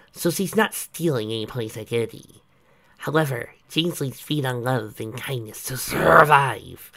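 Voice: mid-range voice, gravelly, bright, forceful tone, exaggerated voice. Reader doing a worried unicorn mom explaining stuff earnestly. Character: worried mother unicorn stage magician.

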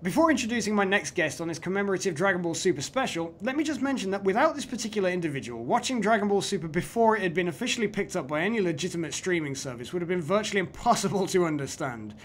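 A man hosting an online quiz show, energetic and laughing often. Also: high-pitched, fast talker, few pauses, slight background noise. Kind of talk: upbeat hosting with frequent laughter.

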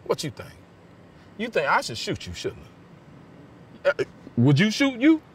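A man's voice: high-pitched, huge pitch swings, unhurried, full character voice. An actor playing a furious, profane father who threatens a man with a gun, recorded outdoors in the woods from a distance. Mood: menacing. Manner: profane, menacing, shouting bursts. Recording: distant mic with clear outdoor noise.

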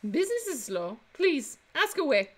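A woman's voice: high-pitched, sing-song, moderate pace, voice pushed up. A woman voicing a poised young French flower-seller bird, with a put-on French accent and a composed, guarded manner.

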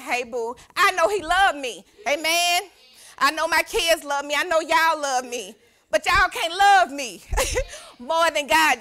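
A young woman gives an exuberant church sermon as youth pastor, calling to the congregation and getting responses. Her high voice comes across bright and forceful.

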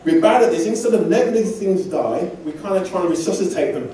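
A man from England preaches to a congregation, telling personal stories with self-deprecating humor in a loose, conversational way. His voice sits a little high but mellow and dark. He is recorded from a distance, so the church hall echoes around him. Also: animated, fast talker, slight background noise. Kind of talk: sermon.

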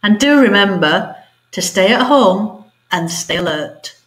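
Woman teacher, storybook reading for a class, lively pitch, expressive. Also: measured pace. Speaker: primary school teacher. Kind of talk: reading a story aloud to pupils. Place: home.

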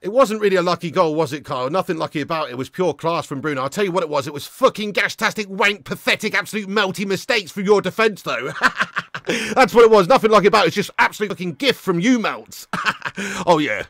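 A man hosting a live football watch-along, commentating as an excitable, swearing fan. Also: high voice, fast talker, no echo, clean studio sound.

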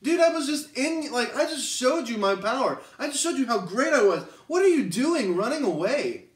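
A man's voice: extremely high pitch, sing-song, moderate pace, voice pushed up. A man voicing God as an exasperated, casual male figure who fires off slangy, incredulous questions. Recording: roomy, distant mic.

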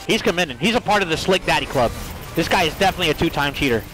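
High, lively profane gaming streamer man. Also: very fast, rough recording. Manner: rambling, profane, excitable rants; fillers, repeated "like" and "literally". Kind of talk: casual gaming stream chat. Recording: music playing behind voice.

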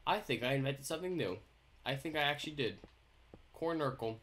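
A man's voice: a little high, lively intonation, fairly quick, fairly bright tone. A young man hosting a casual let's-play commentary, chatting in a goofy, playful, jokey way as he builds. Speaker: gaming YouTuber host.

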